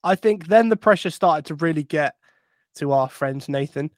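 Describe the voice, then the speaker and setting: A man co-hosting a casual football podcast, wry and measured as he walks through quotes. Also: a little high, dry recording, clean studio sound. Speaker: podcast co-host.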